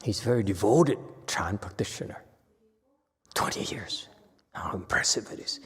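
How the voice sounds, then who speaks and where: A man with a Korean accent, a Zen master telling anecdotes in a dharma talk, with chuckles and halting restarts. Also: fairly low pitch, lively intonation, husky. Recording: long hall reverb.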